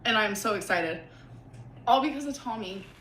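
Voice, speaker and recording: A woman vlogging to camera, gushing and excitable, with lots of fillers. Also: mid-range voice, moderate pace. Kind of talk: casual vlog talk to camera. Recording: echoey room with faint background hiss.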